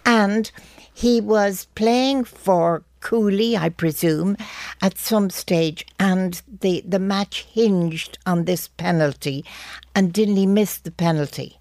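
Wry older Irish woman, gravelly voice. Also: mid-range voice, a little mellow, no room sound, clean studio sound. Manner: brisk anecdotal storyteller, wry. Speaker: author guest. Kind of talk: radio interview chat.

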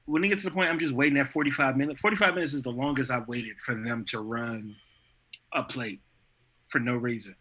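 A man's voice: medium pitch, a little fast, bright, forceful tone, husky. A man chatting casually on a podcast in loose, slangy speech. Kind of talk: casual chat.

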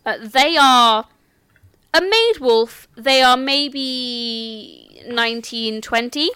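Slow, smooth-voiced woman running the game. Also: a little high, sharp tone, no echo. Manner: unhurried, explanatory, with restarts. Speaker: game master. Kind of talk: explaining a tabletop game setup.

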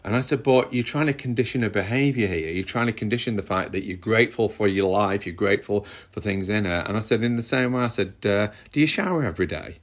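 A man's voice: lowish voice, fast, few pauses. A middle-aged man with a northern English accent, co-hosting a casual chat and talking in a rambling, conversational way with restarts. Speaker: podcast co-host.

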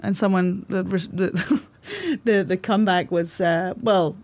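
Quick-talking Scottish woman, lowish voice. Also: expressive, a little mellow. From west coast of Scotland. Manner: quick, sarcastic, laughing. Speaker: physiotherapist guest. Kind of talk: casual interview chat.

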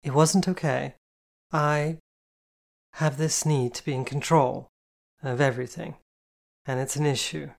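A reader voicing a blunt, sweary young woman in an audiobook who swears freely and is quick to shout. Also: mid-range voice, steady tone, creaky. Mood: contrite. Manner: brash and profane, quick to shout. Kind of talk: audiobook character voice.

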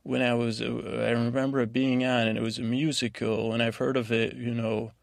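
A man hosting a sleep podcast, rambling through a TV episode recap in a halting, meandering way full of restarts. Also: medium pitch, level tone, creaky, no room sound, studio quality. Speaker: podcast host.

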